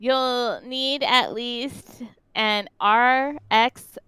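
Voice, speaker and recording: Podcast co-host, woman, crisp bright tone, reads news loosely and fumbles words. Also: fairly high pitch, moderate pace, dry recording, rough recording. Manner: stumbles and trips over words while reading. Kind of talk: casual chat, reading gaming news aloud.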